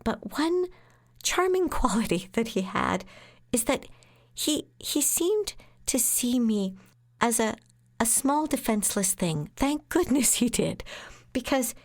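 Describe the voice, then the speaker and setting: Lively woman lawyer telling a story. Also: fairly high pitch, takes it slowly. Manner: lively, acts out quotes, laughs while telling. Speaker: lawyer and podcast host. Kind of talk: anecdotal storytelling.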